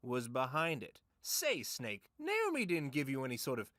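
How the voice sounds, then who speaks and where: A man's voice: mid-range voice, wildly swooping pitch, normal speed, a bit bright. A man voicing a scheming male military advisor on the radio, asking conspiratorial, probing questions. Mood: suspicious.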